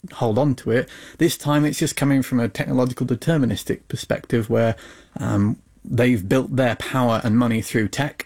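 A male guest commentator on tech policy speaking thoughtfully in a panel discussion, analytical, with some halting restarts. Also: mid-range voice, darkish tone.

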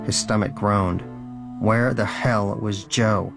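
A man with a low voice reads a story in scripted narration, dry and a little wry in his delivery. Music plays clearly underneath. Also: steady tone, slow. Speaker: audiobook narrator.

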